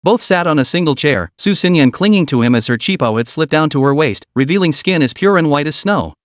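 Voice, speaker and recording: A man narrating a scripted comic story recap in an even storytelling manner. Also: fairly high pitch, brisk, no echo, studio quality.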